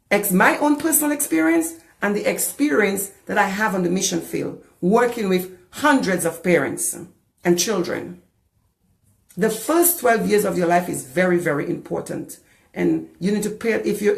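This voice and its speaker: A woman's voice: medium pitch, creaky, reverberant. A woman from the Caribbean preaching a sermon as a pastor, passionate and repeating phrases for emphasis. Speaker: pastor and deliverance minister.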